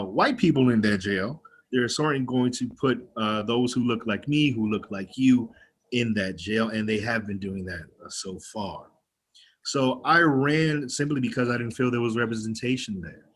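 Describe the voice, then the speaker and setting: A young county legislator with a twang speaks to an activist group over a video call, giving a candid, rousing personal speech at a moderate pace. His medium-pitched voice has a fairly bright tone, and he swears freely.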